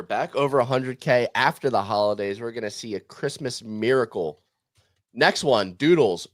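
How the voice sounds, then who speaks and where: Speaking in a mid-range voice on a dry recording, a man hosts a laid-back podcast. He keeps things upbeat and conversational while running a prediction game, dropping in quick asides.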